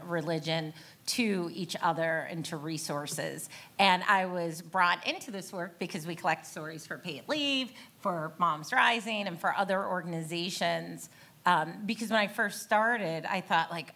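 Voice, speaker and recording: A woman on a panel speaking as a storyteller and founder, in a lively, self-aware way. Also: fairly low pitch. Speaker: panelist, founder of an advocacy group. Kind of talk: panel talk.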